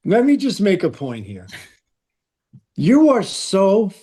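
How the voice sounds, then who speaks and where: A man's voice: high voice, wildly swooping pitch, takes it slowly, mellow, slight background noise. A man hosting a podcast, a former head coach, talking in a blunt, profane, teasing way. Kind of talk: casual podcast chat.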